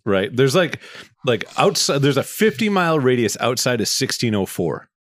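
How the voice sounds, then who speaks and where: A man's voice: medium pitch, big pitch swings, moderate pace, a bit bright, no echo. A man on a podcast panel, chiming in with short quips during casual chat.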